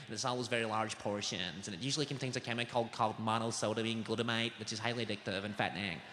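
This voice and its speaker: A man's voice: lowish voice, fairly even intonation, a little hiss or hum, pitched below the performer's own voice, lightly acted. A man doing a prim lecturing nutritionist lady. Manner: lecturing, rapid. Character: know-it-all woman nutritionist, dry and lecturing. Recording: echoey hall with loud crowd.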